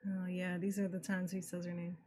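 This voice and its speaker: A woman streaming a game playthrough, reacting excitably, swearing and laughing as she talks. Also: on the low side, fairly quick. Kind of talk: casual playthrough commentary.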